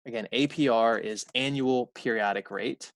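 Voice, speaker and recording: A man's voice: mid-range voice, normal speed, no echo, studio quality. A man teaching a recorded college math lecture in a conversational way, repeating key points and correcting himself aloud.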